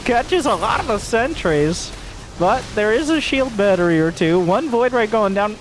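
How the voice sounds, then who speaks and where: High-voiced excitable male game caster. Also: normal speed, a little hiss or hum. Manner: jokey, gets loud and excited at big plays. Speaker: esports caster. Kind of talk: game commentary.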